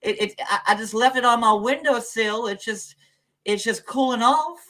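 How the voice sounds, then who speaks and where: A man's voice: very high-pitched, normal speed, sharp tone, recorded from a distance, pitched above the performer's own voice. A man putting on a sugary Southern hostess. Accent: Southern US, put on.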